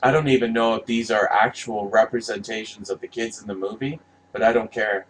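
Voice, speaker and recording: A man's voice: fairly low pitch, fairly even intonation, fairly quick, a little hiss or hum, poor audio. A man giving casual, rambling commentary, passionate and profane, often restarting his sentences. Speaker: vlogger reviewing movie posters.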